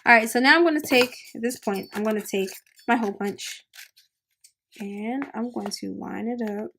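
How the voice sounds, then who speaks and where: A woman's voice: fairly high pitch, moderate pace, creaky, fairly bright tone, slight background noise. A woman hosting a crafting tutorial, chatting upbeat and casual while she works with her hands. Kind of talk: casual how-to demonstration.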